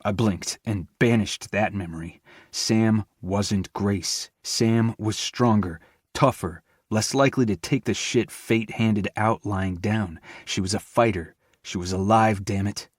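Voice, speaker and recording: A male audiobook narrator with a fairly low voice, reading in the first person with tense intensity. The sound is close and dry, with no room echo. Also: unhurried, slightly rough.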